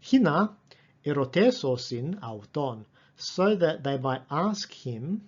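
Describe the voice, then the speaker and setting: A man with a fairly high voice gives a lecture, reading passages slowly and then explaining each point with care. The sound is dull and lo-fi. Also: sing-song, breathy edge. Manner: slow, careful reading of quoted passages with running explanation. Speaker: Greek lecturer.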